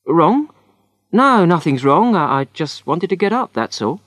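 A man's voice: on the high side, very animated, unhurried, a bit bright, no echo, studio quality, pitched above the performer's own voice. A man voicing a young husband in a storybook reading, earnest and insistent. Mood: uneasy. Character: uneasy young husband, questioning.

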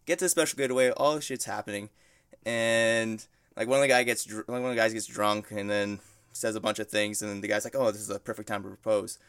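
A man's voice: fairly low pitch, steady tone, a little fast, fairly bright tone, clear, resonant tone, dry recording, clean studio sound. A man casually recapping a movie plot on a podcast, rambling, laughing often and acting out the characters' lines. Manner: rambling storytelling, laughs often, acts out quotes. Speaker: guest describing a movie.

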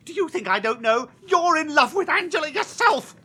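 An angry jealous young guy, curt, threatening, bright lively voice, faint hiss. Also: sits high, moderate pace. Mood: furious. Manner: curt, threatening, bursts into shouts. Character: jealous, furious young man, blunt and threatening. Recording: faint noise and clicks.

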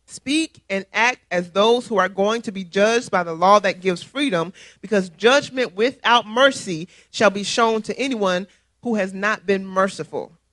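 A man's voice: high-pitched, measured pace, dry recording. A man, a church elder, preaching a sermon, reading scripture and telling stories in an emphatic, conversational way. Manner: emphatic, conversational, animated storytelling.

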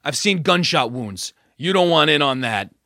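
A man voicing a blustering police officer in an audiobook, gruff and threatening. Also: on the high side, animated, moderate pace, pushed and bright, no room sound, studio quality, exaggerated voice. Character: blustering gun-drawn male cop.

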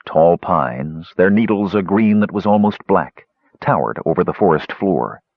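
A man reading a fantasy novel aloud as the narrator, in measured storytelling. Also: deep voice, lively intonation, dry recording. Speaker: audiobook narrator. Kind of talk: scripted narration. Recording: dull, dry close recording.

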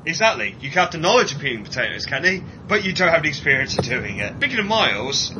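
A man co-hosting a podcast, animated and jokey, chatting about a TV episode and mimicking people in silly voices. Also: quick pace. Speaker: podcast co-host. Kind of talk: casual chat reviewing a TV episode. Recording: muffled sound with clear vehicle rumble.

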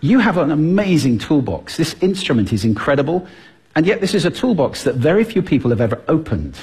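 A man's voice: on the high side, big pitch swings, fairly quick, a little mellow, slightly rough. A man giving a stage talk to a live audience, playful and demonstrating points with his own voice. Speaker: public speaker on voice and speaking.

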